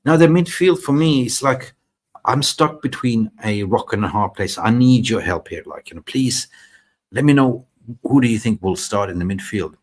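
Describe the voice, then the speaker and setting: A man from Sweden hosting a fan live stream, chatting excitably and reading out viewer comments. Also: medium pitch, normal speed. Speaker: fan channel host. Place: in Thailand.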